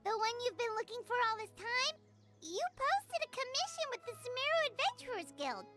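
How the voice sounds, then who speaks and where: A woman voicing a tiny, chirpy, girlish fairy companion in a video game, talking in a bright, lively chatter. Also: very high voice, fairly quick, faint music behind, heavily acted. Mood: puzzled.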